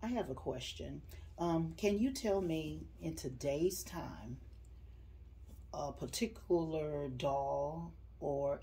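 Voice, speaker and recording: A woman interviewing a guest, asking polite and measured questions. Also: low voice, vocal fry, mellow.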